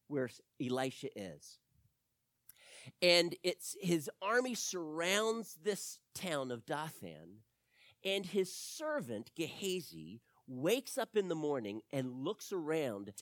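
A preacher delivering a sermon, telling a Bible story in an animated, emphatic way, swinging between loud highs and quiet lows. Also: unhurried, no echo.

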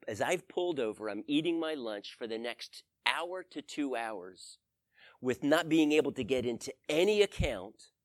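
A man's voice: a little high, dry recording. A man preaching a sermon, telling a personal story and acting out his own prayers with rising intensity. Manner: animated, acts out his own pleading prayers in a raised voice. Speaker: pastor.

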